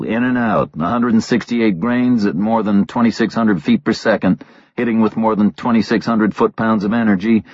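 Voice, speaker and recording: A man narrating a thriller audiobook in a measured, terse delivery on a slightly dull recording. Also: fairly low pitch, no room sound.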